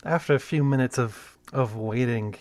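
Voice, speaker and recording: A man narrating as game master of a tabletop role-playing game, with many pauses and restarts. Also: medium pitch, darkish tone, dry recording.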